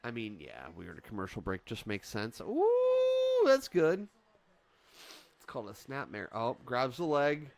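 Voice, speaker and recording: A man's voice: on the low side, lively intonation, a little fast, creaky, hardly any pauses, a bit bright. A man hosting a livestream, casually reacting to wrestling in a playful, teasing way. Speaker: livestream host. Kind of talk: casual wrestling watch-along commentary.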